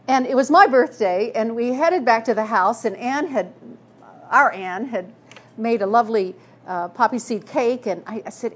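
A woman's voice: on the high side, big pitch swings, a little slow, pauses often, breathy edge. A woman preaching a sermon, telling personal stories in an earnest way with frequent restarts. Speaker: speaker.

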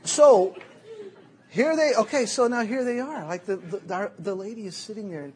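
A middle-aged man preaching a sermon as a Bible teacher, telling jokey, animated stories. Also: sits high, normal speed, slight background noise.

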